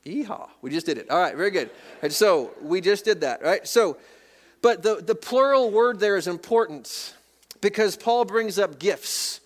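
Folksy pastor preaching a sermon. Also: male voice, sits high, animated, moderate pace. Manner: folksy, reads scripture aloud, jokes with congregation. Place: church sanctuary.

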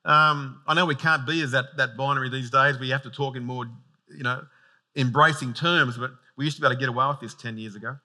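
A man preaching a sermon in a conversational, animated way with humorous asides. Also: mid-range voice, fast talker. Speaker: pastor.

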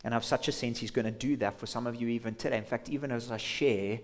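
A man's voice: mid-range voice, fairly even intonation, fast talker. A man preaching a sermon as pastor in a church, passionate, sometimes acting out imagined voices. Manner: impassioned, acts out imagined inner voices.

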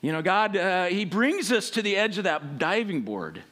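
A man preaching a sermon, telling a personal story in an animated way and acting out voices. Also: sits high, moderate pace.

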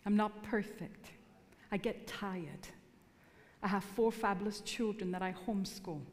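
A woman's voice: medium pitch, measured pace, a little mellow. Woman preaching in a reverberant hall. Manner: humorous, teasing the congregation. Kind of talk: sermon. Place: church hall.

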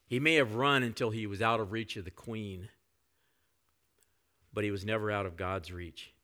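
A male pastor preaching a conversational sermon, often dropping to soft reflective tones. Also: fairly low pitch, steady tone, moderate pace.

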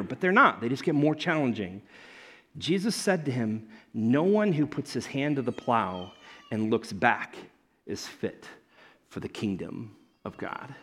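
A man preaching a conversational sermon, telling a Bible story with lively asides to his listeners. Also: a little high. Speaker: pastor.

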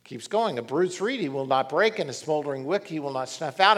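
Middle-aged male preacher, slightly high-pitched, animated storyteller. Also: brisk, few pauses. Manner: animated storytelling, reads scripture aloud. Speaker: pastor. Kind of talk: sermon.

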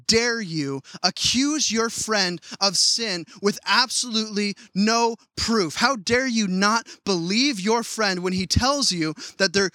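A preacher acting out an angry young man rebuking his elders with slow, accusing questions. The voice is bright and sits high, with a dry sound. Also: no room sound, exaggerated voice.

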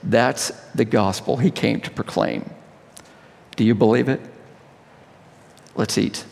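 Male preacher giving a communion sermon, rises then goes soft and hushed, big echoey hall. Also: mid-range voice, measured pace, vocal fry, slight background noise. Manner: impassioned, swelling and dropping to hushed tones. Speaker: pastor.

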